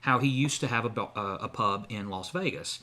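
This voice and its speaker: A man's voice: fairly low pitch, fairly quick, pushed and bright. Rambling male podcast host. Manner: rambling storyteller with many fillers. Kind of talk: casual chat.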